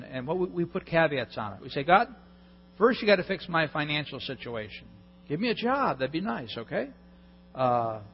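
A male pastor preaching a sermon in an animated way, acting out people's prayers with a mocking edge. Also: a little high. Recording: lo-fi recording in a reverberant hall with mains hum.

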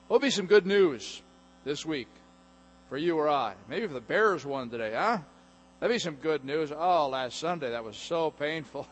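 Animated middle-aged male pastor preaching. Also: on the high side. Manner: animated, jokey, acts out voices. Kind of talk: sermon. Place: church sanctuary.

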